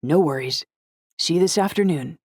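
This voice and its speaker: A woman's voice: low voice, normal speed, slightly rough, dry recording. Woman doing an easygoing teenage boy. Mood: casual. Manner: casual, relaxed. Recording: dry close audiobook recording.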